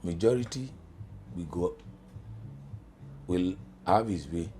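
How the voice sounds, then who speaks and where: A middle-aged man with a Nigerian accent, a journalism lecturer talking as a studio guest in pidgin, animated and emphatic. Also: low-pitched, slow pace, a little hiss or hum. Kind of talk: studio talk show in pidgin.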